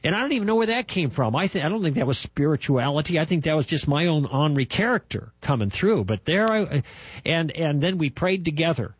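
An older man telling a personal testimony in an emphatic, animated storytelling manner, with a husky voice. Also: on the high side, brisk, no echo, muffled recording. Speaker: testimony speaker.

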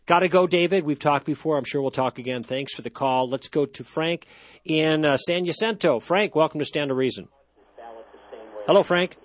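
A man's voice: on the high side, dry recording. A man hosting a call-in radio talk show, explaining ideas thoughtfully with frequent restarts.

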